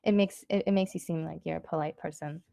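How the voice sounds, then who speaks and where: Gravelly, mellow-voiced woman teaching casually. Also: low voice, steady tone, no room sound, clean studio sound. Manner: loose and chatty, lots of "um" and "like"; says Japanese phrases slowly and clearly. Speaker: Japanese language teacher. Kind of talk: casual online lesson.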